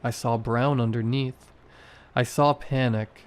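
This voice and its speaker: A man's voice: mid-range voice, steady tone, slow, darkish tone. A man narrating a first-person horror story in short, tense sentences.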